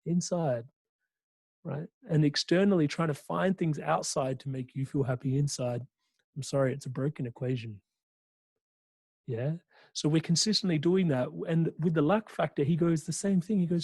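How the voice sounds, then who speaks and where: Animated man giving a webinar talk. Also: a little high, normal speed, dry recording. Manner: animated, conversational, uses "right?" often. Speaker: guest speaker and life coach.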